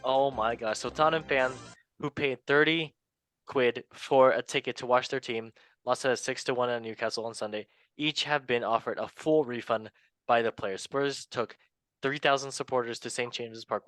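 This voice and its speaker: A man's voice: mid-range voice, steady tone, moderate pace, a bit bright, no room sound. A man hosting a football talk show in a playful, joking way. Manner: playful, joking, laughs often. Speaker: host. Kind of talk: casual chat. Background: faint background music.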